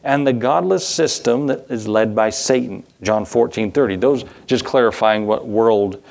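A man's voice: lowish voice, moderate pace, creaky, a little mellow. A man preaching a Bible sermon to a congregation, reading scripture aloud and asking the listeners questions, with rising emphasis on key words. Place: church.

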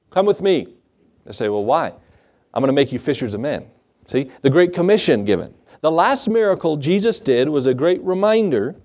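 A man preaching a sermon in a conversational way, asking his listeners questions and acting out Bible scenes in quick voices. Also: mid-range voice, a little mellow. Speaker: pastor.

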